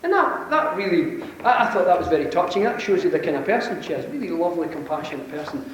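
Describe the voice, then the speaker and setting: A Scottish man with a Glasgow accent telling an animated, self-deprecating story to a conference audience, chuckling often. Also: high-pitched, fast. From Scotland. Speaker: conference speaker. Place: large conference hall. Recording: very echoey hall, mic far off, faint hiss.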